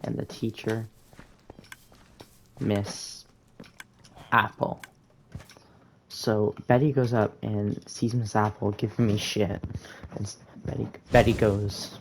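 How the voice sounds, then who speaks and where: A young man tells a story at an unhurried pace while he plays a game. His voice has a gravelly fry, and his delivery rambles in a laid-back way with plenty of fillers and slang. He sounds relaxed and chatty. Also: lowish voice, slight background noise. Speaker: gaming storyteller. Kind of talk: casual storytime narration over gameplay.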